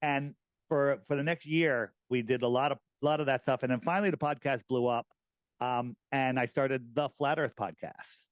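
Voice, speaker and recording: A middle-aged American man talking casually in an interview, animated and rambling, with many restarts. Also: mid-range voice, normal speed, no room sound. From United States. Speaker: podcast host, guest.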